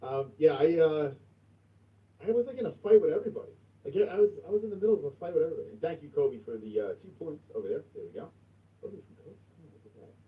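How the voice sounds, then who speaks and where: A man's voice: on the high side, expressive, fast. Profane ranting man, muffled distant stream. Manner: profane, loud, shouting rants. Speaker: livestream host. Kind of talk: casual livestream rant.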